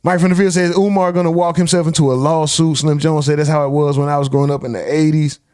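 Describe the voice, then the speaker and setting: A man's voice: on the high side, fairly even intonation, fast, darkish tone, clean tone, no echo, studio quality. A young man hosting a live reaction stream, reacting in disbelief, swearing and reading chat comments aloud.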